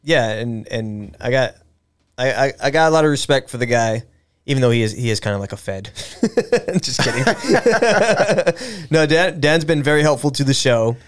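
A man in a casual podcast chat, retelling things in a rambling, stop-start way, tripping over his words and starting again. His pitch sits in the middle, neither high nor low. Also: a little fast, clear, resonant tone. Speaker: podcast host.

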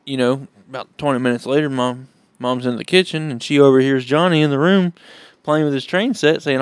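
A man's voice: medium pitch, fairly even intonation, a little fast, clean tone, no echo. A man on a casual podcast, telling raucous, profane jokes with relish. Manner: joke teller, raucous and profane.

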